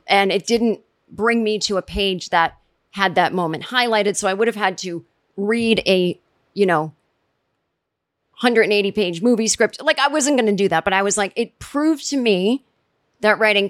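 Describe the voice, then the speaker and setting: New lady ranting on her podcast, lively, squeaky when she quotes ppl, super dry close mic. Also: moderate pace, no echo. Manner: animated, jumps into high voices when quoting people. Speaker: podcast host recapping a TV episode. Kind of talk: casual chat.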